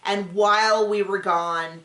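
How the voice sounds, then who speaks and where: A woman hosting a casual reaction show. She talks in an animated, sarcastic way and often mimics people. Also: medium pitch, slow. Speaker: podcast host recapping a reality show. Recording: roomy home room.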